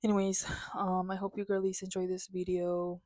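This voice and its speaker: A woman's voice: on the low side, flat delivery, normal speed, dark tone, no echo, studio quality. Anxious young woman rambling to camera. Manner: candid, rambling, lots of filler words. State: anxious, near tears. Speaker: vlogger. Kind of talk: casual personal rant to camera.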